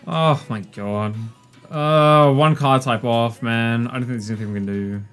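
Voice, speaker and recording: A young man giving casual gameplay commentary, sarcastic and exasperated, breaking into excited yelps. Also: medium pitch, unhurried, clean tone, soft background music. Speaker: gaming YouTuber.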